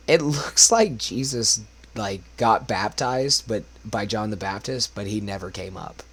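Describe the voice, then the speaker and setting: A young man chatting loosely on his livestream between karaoke songs, rambling and swearing often, his voice worn from smoking. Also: fairly low pitch. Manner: rambling, swears a lot, talks to chat. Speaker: karaoke streamer. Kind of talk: casual livestream chat.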